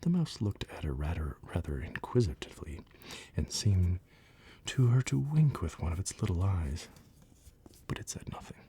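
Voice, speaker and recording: A man reading a bedtime story aloud in a hushed, slow whispered role-play. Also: sits low, sing-song, a little hiss or hum. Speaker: ASMR storyteller.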